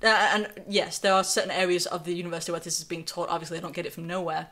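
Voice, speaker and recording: A woman's voice: lowish voice, little pitch movement, racing, fairly bright tone. Sarcastic North Carolina woman streaming commentary. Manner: sarcastic, conversational, reads chat aloud. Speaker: livestream host. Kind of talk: live-stream political commentary.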